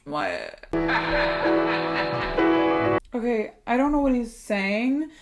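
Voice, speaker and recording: A woman talking casually and excitedly to her viewers while reacting to an album. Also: on the high side, drawn-out words. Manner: chatty and excitable, talks to viewers directly. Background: faint music playing.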